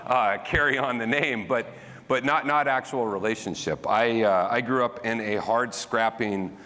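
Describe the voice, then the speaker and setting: A man, a county supervisor giving an animated storytelling talk with self-deprecating humor. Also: mid-range voice, moderate pace. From rural American South. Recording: reverberant hall.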